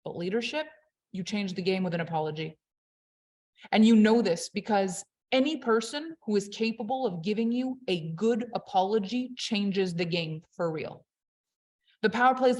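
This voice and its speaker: Speaking at medium pitch and a moderate pace, an expressive woman coaches on leadership. Her motivational talk is emphatic and conversational, with her volume swinging between loud and quiet.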